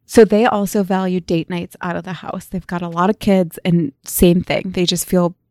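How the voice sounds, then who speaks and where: A woman's voice: lowish voice, flat delivery, normal speed, darkish tone, no room sound. Chatty woman podcast co-host, dry sound. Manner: chatty, retells stories with quoted dialogue. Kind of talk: casual chat.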